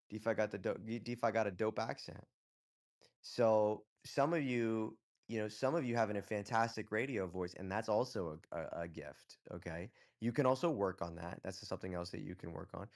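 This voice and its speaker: Blunt, low-voiced man coaching a live chat. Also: moderate pace, creaky. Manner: blunt, profane coaching, repeats "okay?". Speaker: host. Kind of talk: casual live audio chat.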